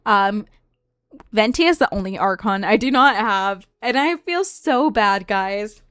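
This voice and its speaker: A woman's voice: medium pitch, animated, a little slow, fairly bright tone, smooth, dry recording, clean studio sound. A young woman from the Southern United States giving casual gameplay commentary as a streamer, chatty and rambling, often trailing off and restarting.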